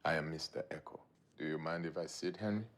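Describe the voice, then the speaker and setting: An actor playing a solemn, remorseful island man who speaks slowly and heavily, in a TV drama. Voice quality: deep, gravelly, husky. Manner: slow, measured, heavy. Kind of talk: TV drama acting.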